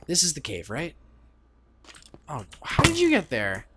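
Man, gameplay commentary, lively up-and-down voice, excitable, game music behind. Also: mid-range voice, moderate pace, pauses often. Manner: rambling, self-interrupting, excitable. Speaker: let's play host.

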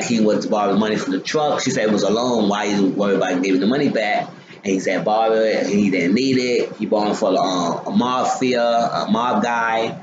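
A man's voice: lowish voice, roomy sound, dull audio, background noise. A man casually recapping a TV episode, rambling with many ums and restarts.

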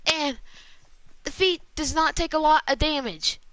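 A woman giving live commentary on an online shooter game, chatting to viewers and reacting excitedly to the action. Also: high-pitched, takes it slowly, pauses often. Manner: excitable, talks to viewers while playing, mild exclamations. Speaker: gaming commentator.

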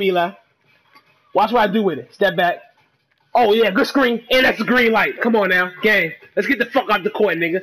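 A man giving excitable, trash-talking commentary while he plays a game, dropping to low mutters and then bursting into shouts. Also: fairly quick. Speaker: gamer. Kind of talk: live gameplay commentary.

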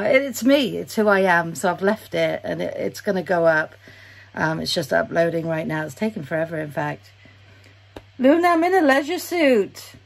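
A woman's voice: medium pitch, vocal fry. A woman with a British accent, chatting casually at home in her vlog, rambling and often laughing at herself. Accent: British English. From Britain. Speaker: vlogger. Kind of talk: casual day-in-the-life vlog.

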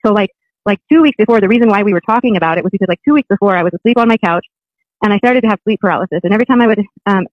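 Rambling storyteller: man, quick delivery, dry and close. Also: high voice, no room sound, dull audio. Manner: rambling, with many restarts. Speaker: guest recounting a personal experience. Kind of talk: casual storytelling.

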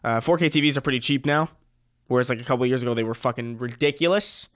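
A man's voice: mid-range voice, fast, fairly bright tone. A man in his thirties co-hosting a podcast, casual and swearing freely, often restarting his sentences. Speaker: podcast co-host.

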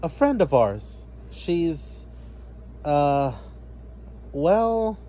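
A man's voice: fairly high pitch, big pitch swings, very slow, warm tone, voice pushed up, heavily acted. A man voicing a curious, slightly hesitant younger girl in a storybook reading. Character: curious little-sister girl.

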